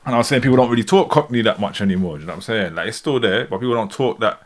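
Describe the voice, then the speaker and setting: A man with a London accent talks in a slightly low voice. He chats loosely on a live stream, rambling as he reacts. He is in his thirties. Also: rapid-fire. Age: 30s. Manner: relaxed, rambling, keeps saying "do you know what I'm saying". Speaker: livestream host. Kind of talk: casual live reaction chat.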